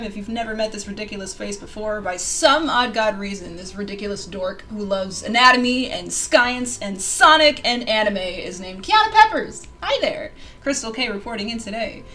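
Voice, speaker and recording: A woman hosting a casual live stream, excitable and bubbly, laughing often and bursting into squeals, on a desk mic with soft music behind her. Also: mid-range voice, normal speed, few pauses. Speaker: livestream host. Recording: quiet music under the voice. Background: soft background music.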